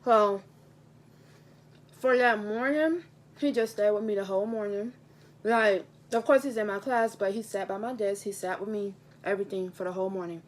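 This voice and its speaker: A woman's voice: medium pitch, moderate pace, slight background noise. A young adult woman, a teacher, talking in a casual vlog at a table at home, earnest and heartfelt, repeating her points for emphasis, recorded on a camera mic. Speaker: teacher and vlogger. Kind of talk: casual mukbang vlog talk. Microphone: handheld camera mic.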